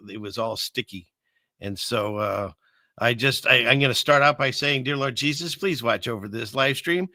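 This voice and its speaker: An older man chats on his live stream in a gravelly voice with plenty of fry. His tone is sharp and bright, and the sound is close and dry. He rambles, pokes fun at himself and restarts his sentences often. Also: medium pitch, no room sound. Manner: rambling, self-mocking, lots of fillers and restarts. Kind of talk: casual live stream chat. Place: small upstairs room above a fireplace.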